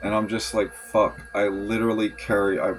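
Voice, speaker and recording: A man's voice: lowish voice, flat delivery, moderate pace, soft background music, rough recording. A man venting in a rambling, frustrated journal monologue, swearing often and restarting his sentences. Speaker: vlogger.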